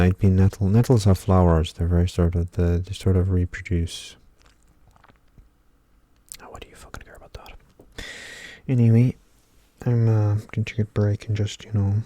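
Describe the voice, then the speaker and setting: A man's voice: low voice, dark tone, dry recording. An Irish man hosting a casual ASMR ramble into a desk microphone at home, swearing constantly and joking wryly. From Ireland. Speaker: ASMR channel host. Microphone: Blue Yeti desk microphone.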